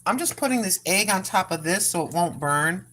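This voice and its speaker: A grandmotherly older woman chats away at her stove during a cooking live stream. Her voice sits slightly low, and she tells stories in a meandering, folksy way, doubling back on her words. A faint hum of kitchen noise is behind her. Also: expressive, normal speed, fairly bright tone. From Oregon, US. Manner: rambling storyteller, repeats herself, folksy. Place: home kitchen, cooking at a griddle.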